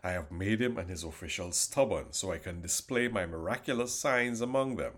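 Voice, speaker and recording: A man's voice: sits low, brisk, a bit bright. The Lord, a man voicing a solemn commanding God. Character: commanding male God speaking from above.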